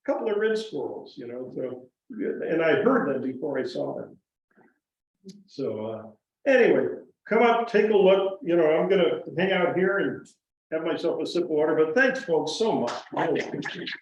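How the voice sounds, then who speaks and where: A man telling stories about his carving to a live audience in a folksy, animated way. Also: a little high, normal speed. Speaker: guest woodcarver speaker. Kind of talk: storytelling talk to a live audience. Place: museum presentation room. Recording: echoey hall, distant muffled mic.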